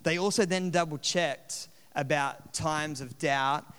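Man, pastor, humorous conversational sermon, fairly high smooth voice, reverberant church hall. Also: slow, a bit bright. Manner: chatty and humorous, with many restarts. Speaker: location pastor. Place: church auditorium. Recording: long reverb in a large hall.

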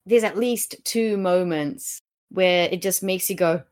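A woman co-hosting a podcast, chatting in an animated, exclamatory way and throwing herself into the discussion. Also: fairly low pitch, measured pace. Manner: animated and exclamatory, acting out quotes. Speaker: podcast co-host. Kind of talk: casual discussion.

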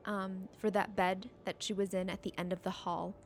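A woman running a tabletop role-playing game, narrating scenes in a relaxed, descriptive way. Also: mid-range voice, normal speed, a little hiss or hum. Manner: relaxed, descriptive, some fillers. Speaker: game master.

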